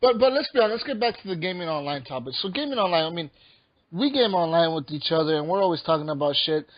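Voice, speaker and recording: A man's voice: on the high side, expressive, fast, no room sound. A man co-hosting a gaming podcast, telling stories in a laid-back, profane way in casual banter. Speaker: podcast co-host. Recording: dull dry lo-fi podcast audio.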